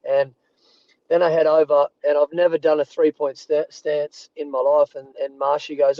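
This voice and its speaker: A man in his thirties with an Australian accent, a rugby player guest telling animated anecdotes from a parked car over a remote call. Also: fairly high pitch, fairly quick, no echo, highs cut off. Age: 30s. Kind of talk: casual storytelling.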